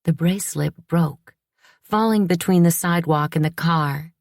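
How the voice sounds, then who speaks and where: A woman narrating an audiobook in the first person, with a measured, reflective delivery. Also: sits low, gravelly, a little mellow, no room sound, clean studio sound.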